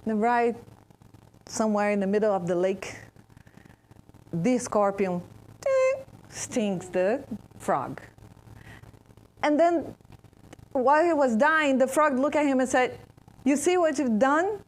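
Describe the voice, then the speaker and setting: A woman with a Brazilian Portuguese accent giving an interactive spiritual talk to an audience. She pauses and restarts often while searching for words. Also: a little high, animated. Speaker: speaker at a spiritist center.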